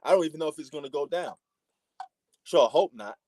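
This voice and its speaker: A man's voice: fairly high pitch, expressive, brisk, a little mellow, no room sound. A man from New York with a New York accent, giving slangy, laid-back live commentary on a boxing match as a stream host. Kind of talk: casual live fight commentary.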